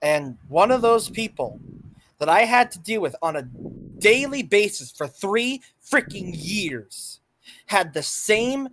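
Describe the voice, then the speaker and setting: A man's voice: high-pitched, very animated, slow, fairly bright tone, poor audio. A young man in a heated one-on-one conversation, guarded and hesitant, asking to be heard out. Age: young adult. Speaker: guest in a confrontation.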